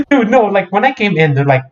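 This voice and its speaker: A man's voice: sits high, big pitch swings, moderate pace. A young man from the Philippines, co-hosting a casual podcast with friends, laughing often and joking in mock accents. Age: young adult. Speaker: podcast co-host. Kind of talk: casual chat between friends. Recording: dull lo-fi audio.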